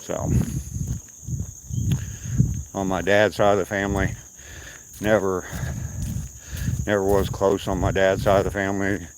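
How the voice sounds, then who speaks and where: A man's voice: deep voice, flat delivery, unhurried, pauses often, background noise. An older man with a slight Southern accent, chatting casually with viewers on a live stream while out on a walk, rambling from topic to topic. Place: outdoors at night on a walk.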